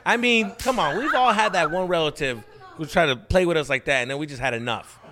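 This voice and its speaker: A man's voice: on the high side, brisk, big-room sound, crowd noise. A man on a podcast telling a rowdy childhood story in casual chat, swearing freely and acting out the people in it. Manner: animated, profane storytelling with acted-out voices. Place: studio.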